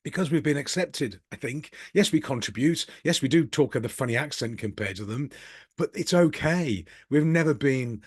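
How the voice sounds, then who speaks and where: Middle-aged Brummie host musing to camera, candid and self-deprecating, close dry sound. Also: male voice, mid-range voice, animated, moderate pace, slightly rough, dry recording. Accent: Birmingham. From Birmingham, England. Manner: candid, rambling, self-deprecating, with occasional chuckles. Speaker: business coach and channel host. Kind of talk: casual reflective monologue.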